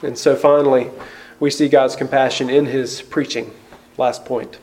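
A man's voice: medium pitch, level tone, moderate pace, darkish tone. A man, a pastor, preaching an earnest sermon full of questions and emphatic rises.

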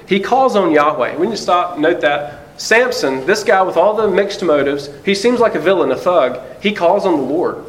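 A man's voice: slight background noise, low-quality recording. Earnest man preaching a sermon. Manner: earnest preaching, slows and drops low for emphasis. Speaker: pastor.

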